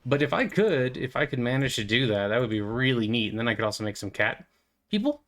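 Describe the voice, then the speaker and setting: A man's voice: mid-range voice, fast talker, fairly bright tone. Man rambling playful gameplay commentary host. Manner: rambling, goofy and playful, with many fillers. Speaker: gaming channel host. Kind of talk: casual commentary while playing.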